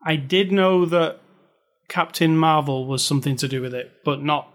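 A man's voice: a little high, normal speed, a bit bright. A man hosting a movie review podcast, chatting casually and joking with his co-host. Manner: chatty, joking, reads aloud with dramatic stress. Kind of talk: casual chat.

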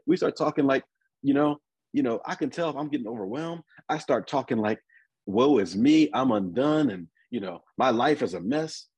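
A man preaching a conversational sermon, often repeating and restarting his words and reading scripture slowly. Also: mid-range voice, a little mellow, breathy edge, dry recording, poor audio.

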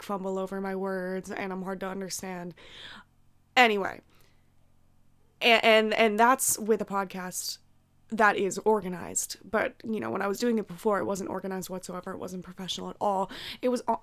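A young woman hosting her own podcast alone, sounding sick, rambling casually with lots of "like" and swearing, and laughing at herself. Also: mid-range voice. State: sick, throaty. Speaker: podcast host. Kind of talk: casual solo podcast chat.

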